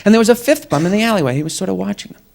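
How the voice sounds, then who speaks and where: Young male stand-up comic, high voice, wry and mocking delivery, club stage. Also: lively intonation, racing, vocal fry, slight background noise. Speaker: stand-up comedian. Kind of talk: stand-up comedy set. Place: comedy club stage with live audience.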